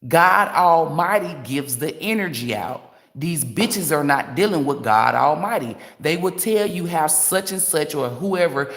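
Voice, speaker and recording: A woman's voice: low voice, expressive, measured pace, fairly bright tone. A woman tarot reader delivering a blunt, profane, emphatic rant on a livestream.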